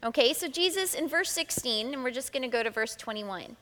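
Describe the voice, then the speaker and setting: A woman's voice: high-pitched, lively intonation, fairly quick, few pauses, fairly bright tone, big-room sound. A woman leading a group Bible study, explaining each step and reading scripture aloud. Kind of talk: teaching a group study session.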